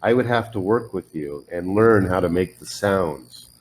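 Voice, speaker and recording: A man's voice: low voice, lively intonation, unhurried, a little hiss or hum, low-quality recording. A man teaching English pronunciation one on one, patiently modelling words and correcting the learner's drills.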